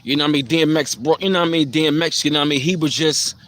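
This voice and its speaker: A man's voice: fairly high pitch, steady tone, very fast, fairly bright tone. A man hosting a casual live stream, speaking in a loose, reflective way with plenty of fillers and repeated phrases.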